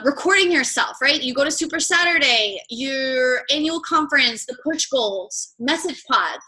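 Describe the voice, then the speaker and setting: A young woman coaching her team over a call in a casual, unscripted way. Her voice is bright and slightly high, and she talks bluntly, swears without hesitation, and keeps checking in with "right?" between her points. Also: poor audio. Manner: chatty, blunt, swears freely, lots of "like" and "right?". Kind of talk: casual training talk.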